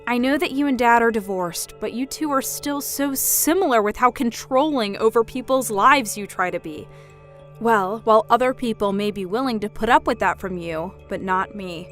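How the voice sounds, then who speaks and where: A woman plays a young woman devoted to her work in a drama. She stays polite and steady while refusing to give in. Her voice sits a touch high, and soft music hums beneath it. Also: moderate pace, natural voice. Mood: firm. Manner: polite but firm, standing her ground. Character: calm, firm young career woman.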